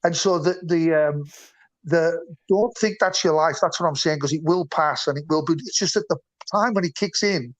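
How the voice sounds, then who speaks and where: Male guest musician, slightly higher voice, earnest and rambling. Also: brisk. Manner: rambling, earnest, trails off mid-sentence. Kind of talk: casual chat.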